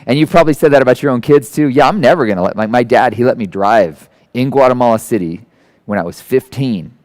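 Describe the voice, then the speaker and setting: A man in his forties giving a conversational sermon, animated and self-deprecating, acting out the people he quotes. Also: medium pitch, fairly quick. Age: 40s. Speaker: guest preacher.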